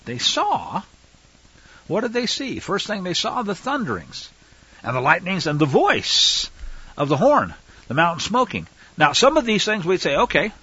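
A man teaching a Torah study in an explanatory way, halting often with fillers. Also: a little high, fairly bright tone, husky, muffled recording. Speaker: Bible teacher.

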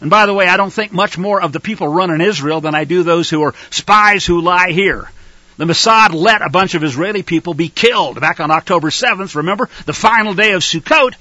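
A man preaching a sermon, reading scripture and rising into fiery, shouted outbursts. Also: sits high, a little fast, no room sound, lo-fi sound.

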